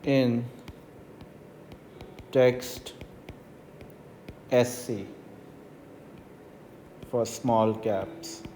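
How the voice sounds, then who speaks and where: Slow, mellow-voiced male math teacher. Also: mid-range voice, steady tone, a little hiss or hum. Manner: unhurried, explains step by step with frequent "right?" checks. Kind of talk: screen-recorded coding tutorial. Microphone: voice-over on tablet whiteboard recording.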